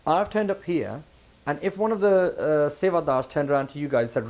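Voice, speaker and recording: A man gives a religious talk at a camp, speaking fast in a slightly high voice. He keeps it conversational, tossing questions to the audience. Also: darkish tone, a little hiss or hum. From United Kingdom. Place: camp hall with a live audience.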